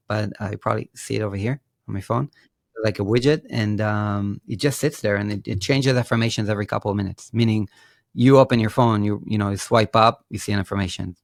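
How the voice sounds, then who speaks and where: A male podcast guest with a low, gravelly voice, explaining things in a relaxed way with frequent fillers and restarts. He is recorded dry and close, with no room echo. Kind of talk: casual interview talk.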